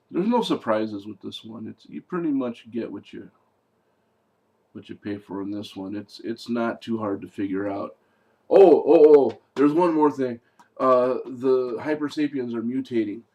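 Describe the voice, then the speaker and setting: A man's voice: mid-range voice, mellow. A man giving a casual spoken movie review, sarcastic and exasperated, rambling with fillers and restarts.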